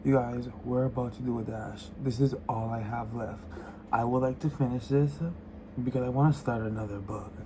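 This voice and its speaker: A man's voice: medium pitch, fairly even intonation, normal speed, background noise. A man chatting casually in a reading vlog, emphatic and repetitive, often laughing and sometimes dropping to a whisper. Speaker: book vlogger.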